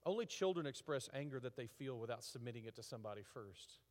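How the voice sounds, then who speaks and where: A man preaching a conversational sermon, halting with fillers and restarts, rising to emphatic rhetorical questions. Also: mid-range voice, expressive. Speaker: pastor. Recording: reverberant hall.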